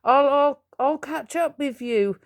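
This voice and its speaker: A woman voicing a gentle young male cat who tires easily, in a storybook reading. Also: mid-range voice, sing-song, normal speed. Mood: panting.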